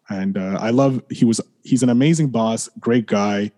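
A man as a podcast guest, candidly recounting a hard period in a rambling way, full of restarts, and quieter as things get heavy. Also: on the low side, moderate pace. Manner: rambling, heavy use of "like", frequent restarts, swears and apologizes. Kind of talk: candid personal storytelling.

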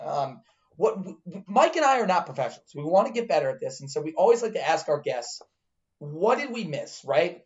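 A man's voice: big pitch swings, brisk. A man co-hosting a casual podcast, joking, laughing and asking the guest questions. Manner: joking, laughing, swings pitch a lot. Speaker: podcast co-host. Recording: dull lo-fi podcast mic.

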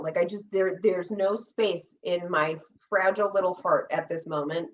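A woman chatting casually on a podcast, telling a long story with animated delivery, quoting herself and others and swearing freely. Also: lowish voice, moderate pace, distant mic, muffled recording. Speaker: podcast co-host recounting reality show experience. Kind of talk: casual chat.

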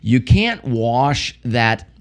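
Older man from ohio, laughing storyteller, lively swinging pitch, casual chat. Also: drawn-out words. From Ohio, USA. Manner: laughs a lot while telling stories, swears, restarts often. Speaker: podcast co-host.

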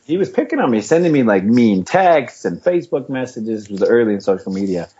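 A man's voice: medium pitch, a little fast, breathy edge, dull audio. A middle-aged man, a retired fighter, telling stories in a casual interview, laughing and poking fun at himself. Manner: laughing, self-mocking, animated storyteller.

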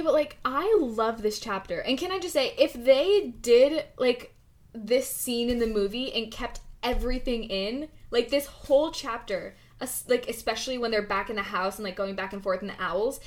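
A woman co-hosting a casual book-club podcast, animated and laughing often, full of "like" fillers. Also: fairly high pitch. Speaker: podcast co-host.

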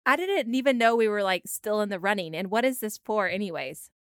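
A woman co-hosting a casual chat, laid-back and good-humored, quick to defend herself when teased. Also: mid-range voice, lively intonation, fairly bright tone, no echo, clean studio sound. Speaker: podcast co-host.

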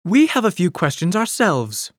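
A man's voice: sits high, very animated, normal speed, no room sound, clean studio sound, voice pushed up. A man voicing a cheeky, impulsive young woman in an audiobook, speaking with a raised, bold, pleading tone. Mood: indignant.

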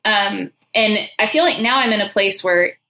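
Podcast host, woman, 30s, crisp bright tone, mid pitch, loose and talkative. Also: normal speed. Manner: chatty, frequent "like", laughs easily. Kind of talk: casual chat.

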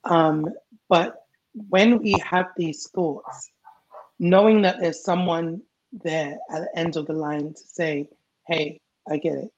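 An emotional healing coach, a woman, giving advice in a measured, coaching tone. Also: lowish voice, fairly even intonation, a little mellow, highs cut off, a little hiss or hum. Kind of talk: guest advice on a talk show.

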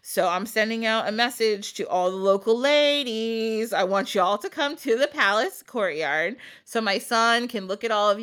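A woman's voice: mid-range voice, a bit bright. A woman retells a folktale in a chatty, casual podcast manner. She peppers the story with jokey asides and laughs often.

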